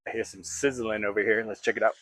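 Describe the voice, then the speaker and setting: A man's voice: on the low side, fairly even intonation, quick pace, a bit bright, a little hiss or hum. A man hosting a casual home cooking vlog, talking to himself in a playful, jokey way while he cooks in his kitchen.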